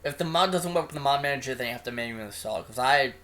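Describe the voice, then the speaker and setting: A man's voice: mid-range voice, very fast, pushed and bright. A man giving casual let's-play commentary, rambling and hesitant, often trailing off. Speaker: gameplay commentator.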